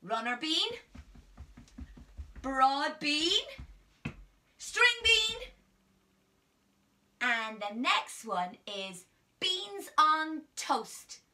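A woman's voice: high voice, very animated, drawn-out words, bright, forceful tone. A woman from Ireland leading a drama lesson for small children in a playful, coaxing way, often dropping to a whisper, filmed on a phone at home. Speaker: drama teacher. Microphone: phone camera. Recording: phone mic held at a distance.

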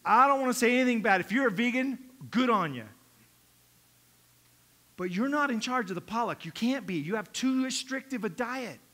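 A man's voice: extremely high pitch, lively intonation, normal speed, long pauses, a bit bright. A middle-aged male pastor preaching a sermon in a conversational, humorous way, acting out little quotes.

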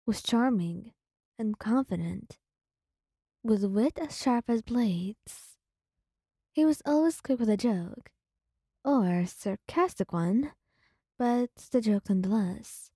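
A young woman narrating a romantic listener story in a slow, hushed, intimate ASMR style. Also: mid-range voice, breathy edge, no echo, clean studio sound.

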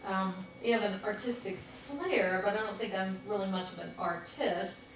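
A woman leads a casual group workshop in a meeting room, chatting, laughing a lot, telling anecdotes and inviting the group to discuss. Her voice sits in the mid range at a moderate pace. The recording is very echoey, with the mic far from her and a faint hiss in the background.

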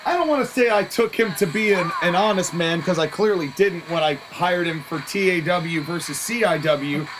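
A wrestling commentator calling the action play by play, excitable, openly taking sides, and quick to laugh. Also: medium pitch, background noise.

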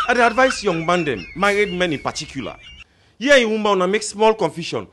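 A man's voice: sits high, fast talker, background noise. Man, Sierra Leonean Krio accent, stand-up jokes, acts out each person, bouncy up-and-down delivery. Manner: lively storytelling in Krio-flavored English, acting out the people in each joke. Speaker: comedian. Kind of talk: stand-up joke telling.

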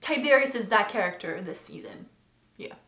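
Animated woman reviewing TV, echoey room. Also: mid-range voice, normal speed. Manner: emotional, animated, gushing. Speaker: TV episode reviewer. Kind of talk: casual vlog review.

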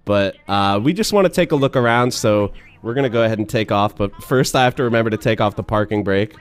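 A man's voice: lowish voice, fast, smooth. A man hosting a gaming video, giving casual, enthusiastic commentary with rambling asides and many fillers.

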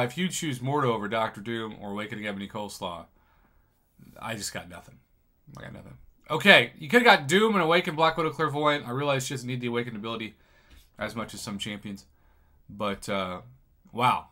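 A man commentating on someone else's game crystal openings, excitable and jokey, with sudden loud bursts of surprise. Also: medium pitch. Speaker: gaming commentator.

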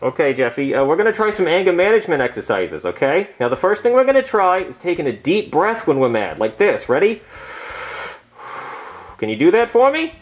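A man's voice: on the high side, huge pitch swings, a little fast, faint music behind. A man playing a smug, cocky grown man posing as a doctor, rambling and stammering.

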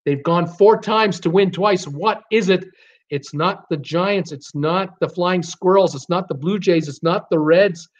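A man's voice: high-pitched, a little slow, muffled recording. A man hosting a casual live-stream trivia game, chatty, reading out viewer names and answers with lots of fillers.

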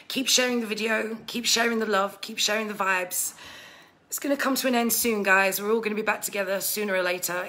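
A woman's voice: mid-range voice, fairly even intonation, fairly quick, pushed and bright. A woman hosting a casual live stream, gushing thanks to viewers with many fillers and growing emotional.

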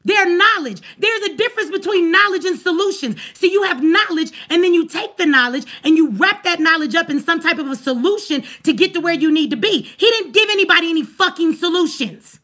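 A woman hosting a livestream, ranting angrily and profanely at her chat with rapid rhetorical questions. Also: very high-pitched, lively intonation, a bit bright. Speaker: livestream host. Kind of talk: heated livestream rant.

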